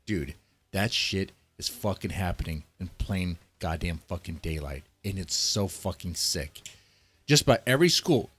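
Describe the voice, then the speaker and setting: A man's voice: sits low, animated, normal speed, fairly bright tone, husky. A man ranting in heated, profane political commentary, swearing often and reading articles aloud between outbursts.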